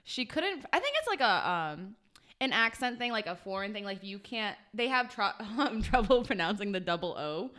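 A young woman co-hosting a podcast in casual chat, loud and laughing, swearing freely. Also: mid-range voice, very animated, moderate pace. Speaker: podcast co-host.

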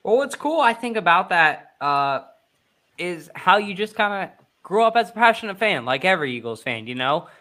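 Energetic live stream host, man, bright forceful voice, hyped delivery. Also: high-pitched, normal speed. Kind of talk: live fan show hosting.

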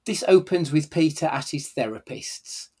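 Man, podcast co-host, sweary, animated, slightly high voice. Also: moderate pace, husky. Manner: sweary, animated, laughing often. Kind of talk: casual film review chat.

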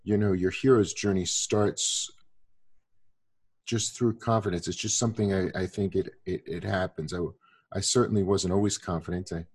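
A man's voice: sits low, steady tone, normal speed, darkish tone, husky. A man in his sixties in casual conversation, rambling with many restarts and fillers.

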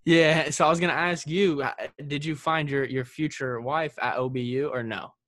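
A young man hosting a casual podcast interview, relaxed and quick to laugh. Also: on the high side, no echo, studio quality. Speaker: podcast host.

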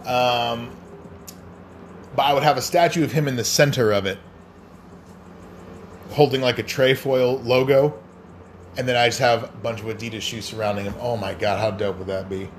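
A man's voice: mid-range voice, steady tone, moderate pace, pauses often, a little hiss or hum. Crude rambling podcast man. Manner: crude, rambling, swears a lot. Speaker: podcast host. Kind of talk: casual solo podcast rant.

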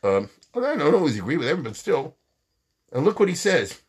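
A man giving an animated, conversational Torah lecture, acting out quoted lines. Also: a little high, brisk, husky. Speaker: Torah teacher.

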